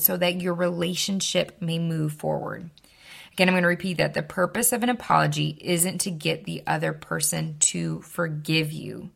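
Low, gravelly-voiced woman podcast host. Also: a bit bright. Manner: instructive, repeats key points slowly. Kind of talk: advice podcast talk.

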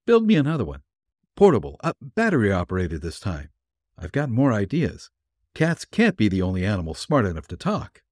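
A man voicing an excitable, gruff male radio inventor who rattles off technical plans in a rush. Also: lowish voice, dry recording, studio quality. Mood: eager. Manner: excited, rapid technical explaining.

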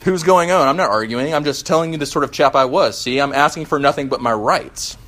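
A man's voice: on the high side, brisk, a bit bright, voice pushed up, close to an everyday voice. A man putting on an indignant bitter ghost. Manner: bitter, defensive, raised voice. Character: indignant self-righteous ghost of a dead man.

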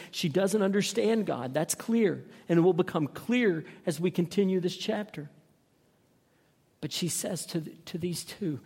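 A man's voice: a little high, darkish tone, husky, long reverb tail. A man preaching a sermon, reading a passage aloud and explaining it earnestly, often repeating words as he restarts.

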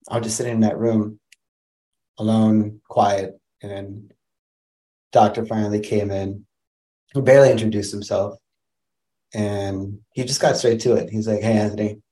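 Low-voiced man telling his story. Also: steady tone, a little slow, long pauses, dark tone. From Wisconsin, USA. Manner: casual, rambling, many likes and restarts. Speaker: podcast guest. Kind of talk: personal storytelling in an interview.

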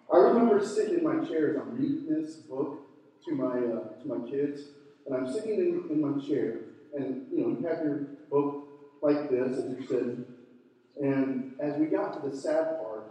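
A man's voice: fairly high pitch, mellow. Middle-aged male pastor in an echoey hall. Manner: conversational storytelling with fillers. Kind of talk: sermon. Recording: echoey hall, mic from far off.

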